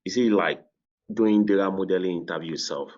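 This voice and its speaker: A man asking a question on a video call, hesitant and halting, with many fillers. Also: low-pitched, darkish tone. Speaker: program participant. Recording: dull video-call audio.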